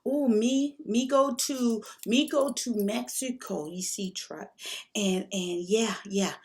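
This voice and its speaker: A man's voice: high voice, slow. A woman voicing a friendly, eager male junk hauler who speaks broken English with a Spanish accent and Spanish words mixed in.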